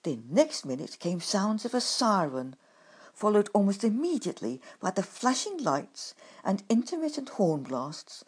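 A woman narrating a storybook in the first person, expressive and lively. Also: lowish voice, slightly rough.

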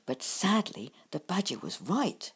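Female storyteller, breathy, slow and measured, very lively melody for a bedtime tale. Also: fairly low pitch. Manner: measured, expressive reading.

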